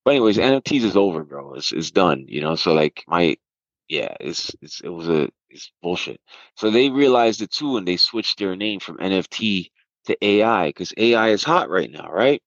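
A man's voice: sits low, normal speed, dry recording, muffled recording. A man who trades stocks, rambling through market talk and a party story, restarting sentences often. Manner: rambling, animated, restarts a lot. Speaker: podcast host and stock trader.

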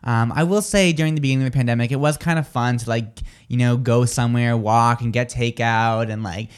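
A man's voice: mid-range voice, fairly even intonation, a little fast, smooth. A man co-hosting a live radio talk show, telling stories in a rambling, chatty way full of fillers and restarts. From New Jersey. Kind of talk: casual chat.

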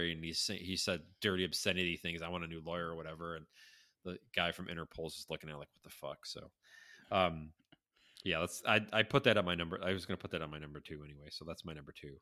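A man co-hosting a casual podcast chat, rambling and swearing, breaking into animated quoted impressions. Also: deep voice. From North Carolina. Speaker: podcast co-host.

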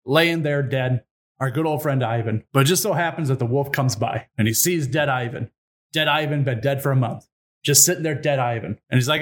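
A man casually retelling a folk tale to a co-host, irreverent and swearing, rattling off the characters' lines. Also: medium pitch. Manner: irreverent, swears, fast retold dialogue. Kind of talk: casual comic storytelling.

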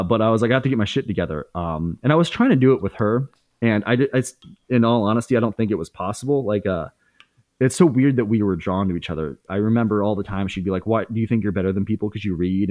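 A man's voice: fairly low pitch, darkish tone, no room sound. A man in his thirties as a podcast guest, candidly telling a story in casual speech, swearing freely with many fillers and restarts.

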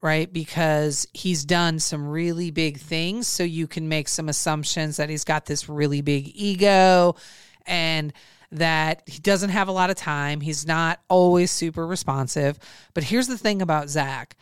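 A woman hosting a podcast, talking in an earnest, emphatic and measured way. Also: sits low, clear, resonant tone, dry recording, studio quality. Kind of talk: casual chat.

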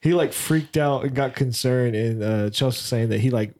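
A man's voice: medium pitch, moderate pace, a little mellow, slight background noise. Joking man among friends. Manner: joking, laughs often, profane. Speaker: podcast co-host. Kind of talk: casual chat.

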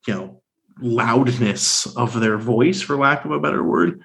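A man co-hosting a casual film discussion, talking with animated energy and dropping into silly voices. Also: medium pitch, a little slow, creaky. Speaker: podcast co-host.

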